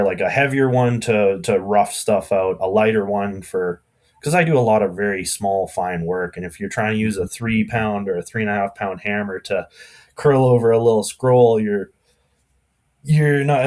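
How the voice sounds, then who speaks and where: A Canadian man talks shop as a podcast guest in a lowish, unhurried voice. He rambles, circles back and leans on fillers in a loose, casual way. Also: darkish tone. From Alberta, Canada. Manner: rambling, easygoing, lots of fillers. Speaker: guest blacksmith.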